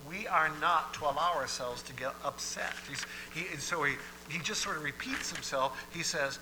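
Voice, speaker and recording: A man preaching a sermon in a conversational style, moving between hushed and emphatic delivery and often repeating himself. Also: on the high side, very animated, moderate pace, few pauses, slight background noise, poor audio. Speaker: pastor.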